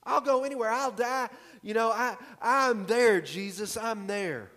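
A man's voice: very high-pitched, a little slow, fairly bright tone, long reverb tail, voice pushed up. A man voicing an eager, boastful male disciple who insists he will stay loyal. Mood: insistent.

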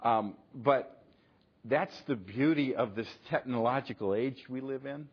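A man's voice: medium pitch, measured pace, husky, dull audio. A middle-aged male pastor preaching in a conversational way, acting out quoted exchanges and checking in with "okay?". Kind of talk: sermon.

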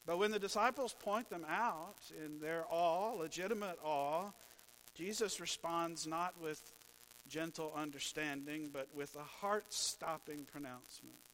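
A man preaching a sermon as pastor, telling stories in a slow, measured way with dry humor. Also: on the high side, fairly bright tone, a little hiss or hum, low-quality recording.

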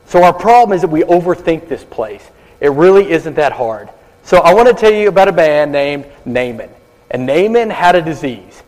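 A man's voice: a little high, expressive, moderate pace, a little mellow. A male pastor giving a sermon at a baptism service, telling stories dramatically and dropping to whispers for asides. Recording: long hall reverb.

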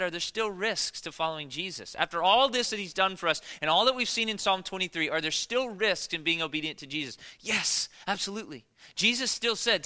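A man preaching a sermon as pastor, joking with the congregation and acting out fear in animated bursts. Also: high-pitched, in a large hall. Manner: animated, joking, rising to near-shouts when acting out fear. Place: church.

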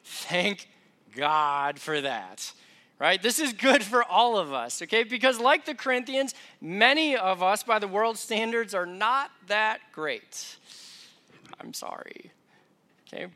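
Bright-voiced young male preacher. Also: high-pitched, very animated, slow. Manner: conversational, self-deprecating storytelling. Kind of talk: sermon.

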